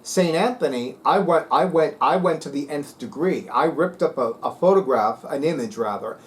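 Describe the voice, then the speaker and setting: A man's voice: fairly high pitch, expressive, normal speed. A man talking casually to viewers as a vlog host, sassy, emphatic and dramatic. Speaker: spiritual video host.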